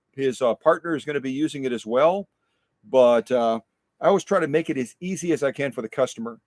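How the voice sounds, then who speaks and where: A man's voice: medium pitch, a little mellow, no room sound, clean studio sound. A middle-aged man casually chatting on a livestream while packing a machine in his workshop, repeating himself and poking fun at his own slips. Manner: chatty, repeats phrases, self-deprecating. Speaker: livestream host restoring sewing machines. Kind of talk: casual live-stream chat while working.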